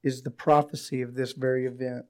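Hoarse pastor preaching, dark-toned. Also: male voice, medium pitch, a little fast. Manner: reads scripture aloud, rises to excited emphasis. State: hoarse, recovering from illness. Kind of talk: sermon.

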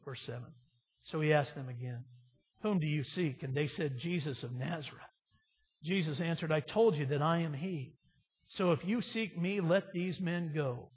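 A man preaching a sermon, retelling a scripture story dramatically, moving between loud emphasis and hushed reading. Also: a little high, normal speed, slightly rough. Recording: dull reverberant hall sound.

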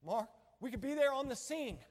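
A male pastor with a drawl, preaching an impassioned sermon that swings between loud emphasis and hushed asides. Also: very high-pitched, lively intonation, moderate pace, long reverb tail.

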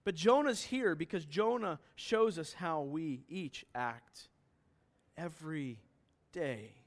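A man preaching a sermon to a congregation, earnest and questioning, rising now and then to loud emphatic bursts. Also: fairly high pitch, expressive, takes it slowly. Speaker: pastor. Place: church hall with congregation.

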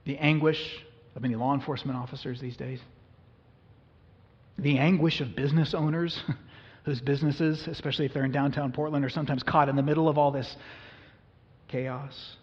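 A man preaching a sermon as a pastor, earnest and emphatic, his voice rising suddenly to loud peaks. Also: medium pitch, fairly even intonation, moderate pace, pauses often. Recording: muffled, reverberant hall recording.

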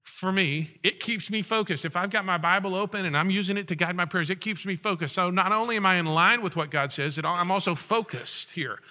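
A man's voice: sits high, brisk, hardly any pauses, sharp tone. A middle-aged man preaching a sermon as pastor, conversational and joking with his congregation.

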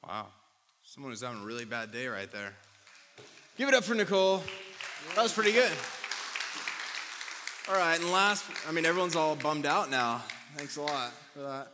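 A man leading a casual sermon, coaching readers with jokes and brisk directions. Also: on the high side, expressive, a crowd in the background, noisy background. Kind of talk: casual sermon with audience readings. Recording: reverberant hall, faint ambience.

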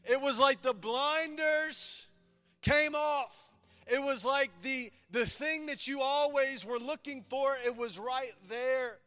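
Impassioned high-voiced male pastor. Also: slow, in a large hall, faint music behind. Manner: passionate testimony, swings between loud and hushed. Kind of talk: sermon.

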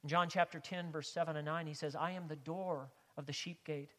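A man's voice: a little high, steady tone, a little fast. Preaching man in a reverberant church. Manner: impassioned preaching, swings from loud emphasis to hushed quiet. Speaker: pastor. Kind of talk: sermon.

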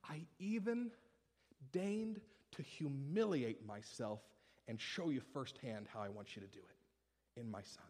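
A man voicing God as a patient, gentle father, speaking softly and earnestly. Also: mid-range voice, lively intonation, a little slow. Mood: pleading.

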